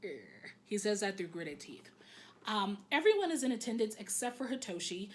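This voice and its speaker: Lively, joking woman recapping an episode. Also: medium pitch, fairly quick, slight background noise. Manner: candid, joking, frequently swearing, lots of "um". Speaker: anime recap vlogger. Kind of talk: casual, chatty episode recap.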